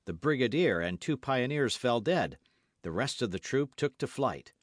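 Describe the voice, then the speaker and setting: Male audiobook narrator, expressive, measured, lively intonation, dry close sound. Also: mid-range voice, no room sound. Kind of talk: scripted narration.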